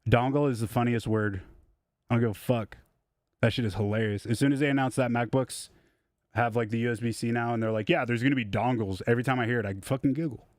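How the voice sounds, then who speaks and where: A man's voice: medium pitch, fairly even intonation, fast, no echo. A young man streaming live from his home studio as a music producer, chatting casually in a rambling, profane, self-deprecating way.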